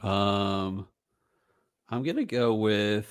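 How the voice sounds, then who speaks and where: A man with a fairly low voice hosts a relaxed whiskey tasting podcast. He talks his ratings through out loud, upbeat and a little rambling. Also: extremely slow, smooth. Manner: upbeat, thinks aloud while rating. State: has the hiccups. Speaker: podcast host. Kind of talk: casual whiskey tasting chat.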